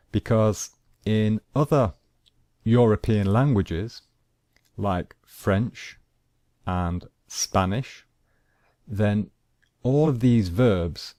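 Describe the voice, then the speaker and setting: Slow, deep-voiced male English teacher. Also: dark tone, dry recording, clean studio sound. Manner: slow, deliberate, repeats examples. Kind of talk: grammar lesson.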